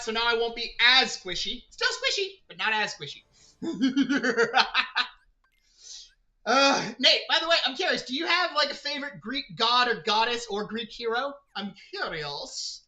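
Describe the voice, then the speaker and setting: A man's voice: very high-pitched, normal speed, pushed and bright. A man streaming a video game, chatting casually with his viewers and rambling as he plays. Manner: rambling, chatty, talks to chat and to himself. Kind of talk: casual gaming livestream chat.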